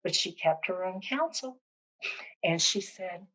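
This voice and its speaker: A woman telling a folk tale aloud with expressive, rhythmic repetition. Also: on the low side, measured pace, poor audio. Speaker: storyteller. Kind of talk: oral storytelling of a folk tale.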